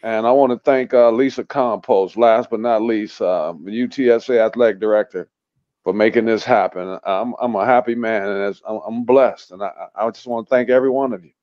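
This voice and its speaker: A man speaking haltingly, repeating his words, as he thanks the hosts of a sports show. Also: on the low side, steady tone, no room sound. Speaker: show co-host and tribute honoree. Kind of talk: emotional on-air thanks. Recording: dull dry remote audio.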